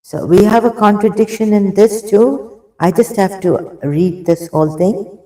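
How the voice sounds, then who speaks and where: A man's voice: sits high, unhurried. A man on a live stream reading religious passages aloud and reacting, breaking off to apologize and cough, short of breath. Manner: excitable, reads passages aloud, frequent apologies and restarts. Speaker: streamer discussing religious texts. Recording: roomy echo, off-mic.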